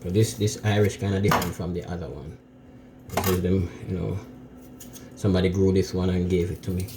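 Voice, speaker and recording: A man with a Jamaican accent hosts a casual cooking vlog from his home kitchen, chatting in a laid-back way and laughing often. His low voice stays steady and fairly quick against a noisy background of clinking dishes and a running tap in the echoey room.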